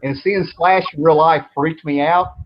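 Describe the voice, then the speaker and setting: A man in his thirties spins long, meandering stories with a laid-back ease and a habit of swearing. His voice sits a bit high for a man. The recording is dull and lo-fi, with a faint noise underneath. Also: steady tone, normal speed. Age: 30s. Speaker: show host. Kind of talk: casual storytelling chat.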